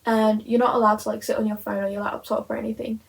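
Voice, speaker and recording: High, gushing teen girl reading vlogger. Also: level tone, quick pace, gravelly, rough recording. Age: teens. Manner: gushing, dramatic and emotional about a book. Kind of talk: casual reading vlog chat.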